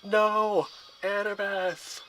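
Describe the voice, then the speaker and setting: A man voicing a desperate teenage boy hero in a storybook reading, pleading and shouting. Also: sits high, animated, normal speed, breathy edge, soft background music, voice pushed up, heavily acted. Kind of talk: storybook voice acting.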